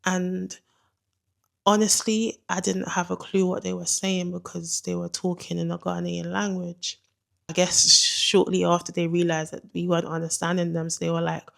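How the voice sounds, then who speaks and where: A young woman telling a dramatic story in an animated, slangy way. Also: on the low side, moderate pace, vocal fry. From England. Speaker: vlogger. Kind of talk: storytime narration.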